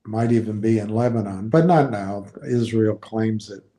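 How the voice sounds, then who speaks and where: A man's voice: on the low side, moderate pace, warm tone. A man giving casual, skeptical commentary on investing, thinking aloud and reading from a website.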